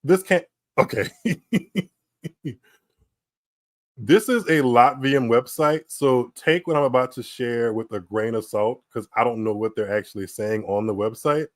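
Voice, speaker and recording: An American man hosting a podcast from home, talking slowly and drawing out his reactions. He bursts into laughter often between remarks. The sound is close and dry, with no room around it. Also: medium pitch, dry recording. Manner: laughing often, animated reactions, slow drawn-out delivery. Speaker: podcast host. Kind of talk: casual live-stream commentary. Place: small room at home, streaming.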